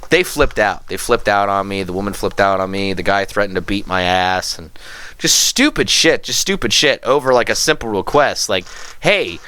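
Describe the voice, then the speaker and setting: A podcast host tells a story in casual conversation, swearing a lot and acting out what people said with animated flair. His voice is fairly low and clean, at a normal speed.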